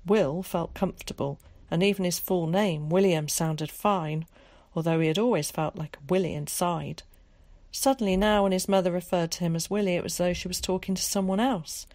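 A woman narrating a storybook in a calm, measured way. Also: fairly low pitch, no room sound. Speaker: audiobook narrator.

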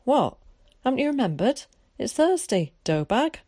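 A woman voicing a cheeky young village boy who talks in an excited, teasing way. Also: high-pitched, moderate pace, breathy edge, dry recording, studio quality, voice pushed up, heavily acted.

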